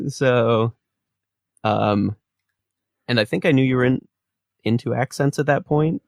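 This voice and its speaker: A man co-hosting a podcast in relaxed casual chat, chuckling often. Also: mid-range voice, slow, gravelly, no room sound, studio quality. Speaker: podcast co-host.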